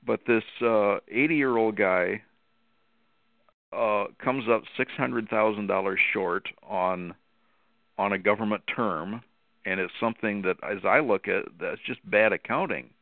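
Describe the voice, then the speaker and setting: Man, regular caller, indignant rant, lower voice, tinny phone line. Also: measured pace, vocal fry, no echo. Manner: indignant, ranting about wasted money. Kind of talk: call-in commentary.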